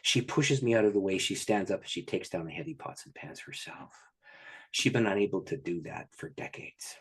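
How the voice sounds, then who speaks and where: A pastor, a man, telling a story as a guest in an interview, in an animated and excited way. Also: on the low side, normal speed, breathy edge.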